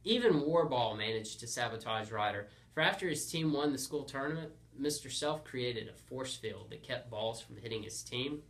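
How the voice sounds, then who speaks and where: A man hosting and narrating a comic story with a playful, deadpan delivery. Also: medium pitch, moderate pace, hardly any pauses. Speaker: storyteller host.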